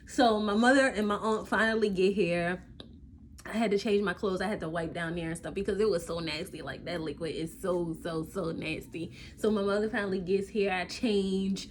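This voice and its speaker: A young woman talks through a personal story, her voice at a middle pitch. She chats casually, piling up fillers and acting out what everyone said. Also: normal speed, a little hiss or hum. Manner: animated retelling with quoted dialogue, many fillers. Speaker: vlogger.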